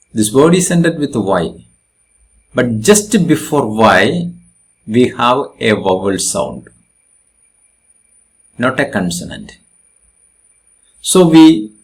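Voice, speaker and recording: A man with an Indian English accent teaching a grammar lesson, slowly repeating examples and stressing syllables. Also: mid-range voice. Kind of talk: grammar lesson explaining spelling rules.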